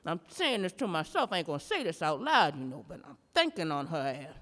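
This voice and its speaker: A woman's voice: low-pitched, big pitch swings, brisk, fairly bright tone, in a large hall. Woman telling a bawdy stand-up story. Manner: profane, drawling storytelling with rhythmic asides. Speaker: stand-up performer. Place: art museum performance space.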